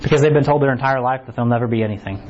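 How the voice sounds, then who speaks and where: A man's voice: medium pitch, very fast, noisy background. A man preaching a conversational sermon to a small congregation in a church, often asking "right?". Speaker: pastor. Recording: slightly dull recording with faint ambience.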